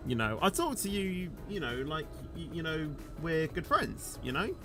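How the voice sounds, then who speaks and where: A man's voice: fairly high pitch, big pitch swings, moderate pace, music in the background. A man chatting casually on a game livestream, rambling and peppering his sentences with "you know", his voice rising at the end of sentences. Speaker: game streamer.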